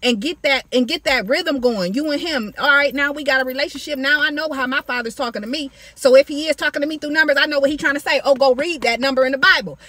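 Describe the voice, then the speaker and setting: A woman talks to her phone camera outdoors and preaches in an animated way. Her voice is bright and a little high, with a dry close sound. She calls her viewers baby and y'all. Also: fast, hardly any pauses, no echo. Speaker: faith video creator. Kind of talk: casual Bible-study talk to camera. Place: outdoors in sunlight.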